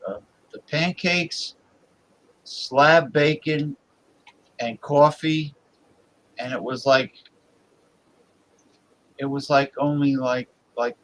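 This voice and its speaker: A man in an easygoing group conversation, wandering through his story with many fillers and restarts. His voice sits at an ordinary middle pitch. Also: a bit bright, rough recording. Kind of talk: casual group chat.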